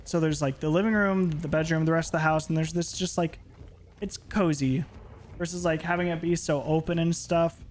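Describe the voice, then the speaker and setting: A man's voice: a little high, fairly even intonation, normal speed, slight background noise. A man streaming a game from his home office, chatting casually and rambling with playful asides. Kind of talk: casual gaming stream chat.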